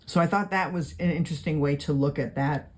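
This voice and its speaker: A Bible study teacher with a mid-range voice speaks a little fast in a casual video lesson. While writing notes, they read verses aloud and explain them conversationally, with many fillers.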